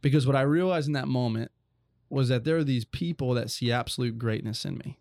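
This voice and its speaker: A man's voice: medium pitch, fairly quick, vocal fry, darkish tone, no room sound. A young adult man telling a personal faith story as a guest, earnest and rambling with many restarts.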